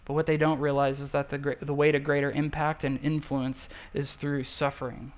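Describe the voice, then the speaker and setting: A woman's voice: low-pitched, level tone, moderate pace. A woman pastor preaching a sermon in a conversational way, repeating key phrases and checking in with her listeners. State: emotional when recalling loss.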